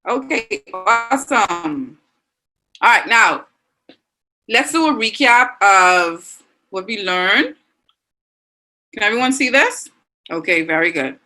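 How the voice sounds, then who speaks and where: A woman's voice: mid-range voice, animated, slow, long pauses, bright, forceful tone. A woman with a Bahamian accent teaching an online language class, reading out students' answers and praising them. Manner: encouraging, reads out students' chat answers.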